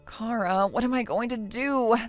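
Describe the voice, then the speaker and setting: A woman voicing a defensive, self-pitying young wife in a text story, in a somewhat high voice. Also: moderate pace, faint music behind, close to an everyday voice. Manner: whiny, defensive.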